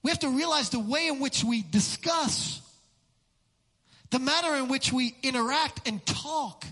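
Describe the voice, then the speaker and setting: Fervent high-voiced pastor in a reverberant church. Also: male voice, lively intonation, normal speed, breathy edge. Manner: fervent, repetitive preaching that builds to shouts. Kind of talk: sermon. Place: church sanctuary. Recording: long hall reverb in a church.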